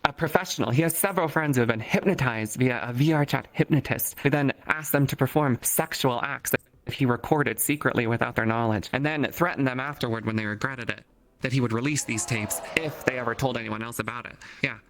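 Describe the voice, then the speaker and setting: A man as an interview guest in a casual chat, joking crudely in a deadpan way. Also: medium pitch, a little fast.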